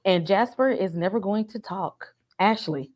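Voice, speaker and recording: A woman's voice: mid-range voice, unhurried, darkish tone, a little hiss or hum. Casual woman thanking live-stream viewers. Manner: reads super chats, thanks viewers. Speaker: co-host of a live fan discussion.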